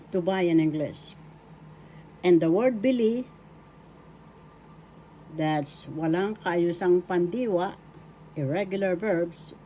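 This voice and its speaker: Slow, mellow-voiced woman teacher. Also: lowish voice, a little hiss or hum. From Philippines. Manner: slow, deliberate, spells out words syllable by syllable. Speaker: language teacher. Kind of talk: recorded language lesson.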